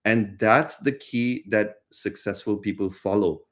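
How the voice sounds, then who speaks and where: A man's voice: on the low side, a little slow. A man co-hosting a casual spiritual talk, earnest and explanatory, repeating phrases for emphasis. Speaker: spiritual teacher and co-host.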